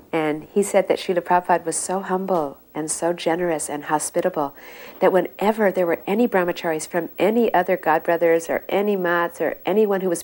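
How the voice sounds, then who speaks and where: A woman devotee recounting memories in relaxed, meandering anecdotes. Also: low-pitched.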